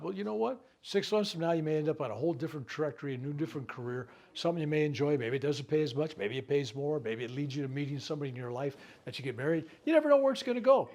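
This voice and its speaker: A man's voice: on the high side, animated. Folksy man teaching a spiritual workshop. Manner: conversational and folksy, joking, asks rhetorical questions; acts out people's words in quick asides. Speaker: reverend leading a healing workshop. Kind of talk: spiritual teaching talk to a live group.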